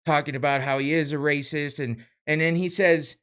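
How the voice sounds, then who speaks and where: A man's voice: on the high side, steady tone, normal speed, a bit bright, clean tone. A man hosting a podcast, ranting in a heated, profane way. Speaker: podcast host. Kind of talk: casual podcast rant.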